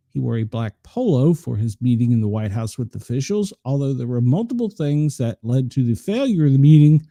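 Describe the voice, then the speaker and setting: A man's voice: medium pitch, mellow, dry recording, clean studio sound. A male radio host reading the news aloud, with chatty laughing asides and many restarts.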